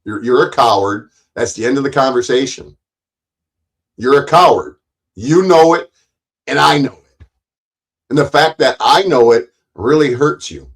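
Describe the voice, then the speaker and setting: A man's voice: medium pitch, a little slow, long pauses, rough recording. A man hosting a livestream, ranting at his chat in a profane, taunting, confrontational way. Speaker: livestream host.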